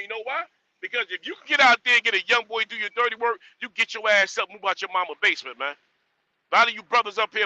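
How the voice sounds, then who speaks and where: A man's voice: high-pitched, bright, forceful tone, no room sound, poor audio. A man hosting a live stream, scolding his audience in a blunt, repetitive rant. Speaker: livestream host. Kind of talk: ranting live stream monologue.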